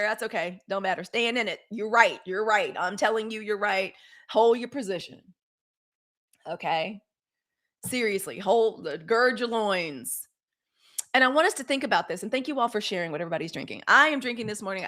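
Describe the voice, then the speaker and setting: A woman's voice: medium pitch, fairly bright tone. A playful woman talks casually to her live-stream viewers, speaking straight to the chat. Her voice sits in an ordinary middle range for a woman. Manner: chatty, playful, addresses chat directly. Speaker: live news show host.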